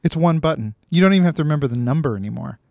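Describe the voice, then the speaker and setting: A man's voice: fairly high pitch, expressive, rapid-fire, vocal fry, darkish tone, no echo. A man co-hosting a podcast, wry and joking in casual chat. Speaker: podcast co-host.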